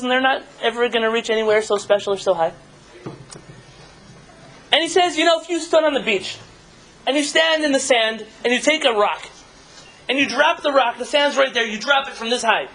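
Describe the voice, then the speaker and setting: A man's voice: sits high, fairly bright tone, a little hiss or hum, low-quality recording. A man, a rabbi, giving a live talk and telling stories in a conversational way, asking his audience questions.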